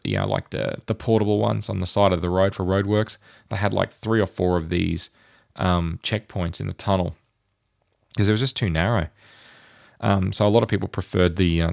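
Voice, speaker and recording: A man's voice: deep voice, lively intonation, normal speed, creaky, a little mellow, no room sound, studio quality. A man, a podcast host thinking aloud in casual chat with many fillers.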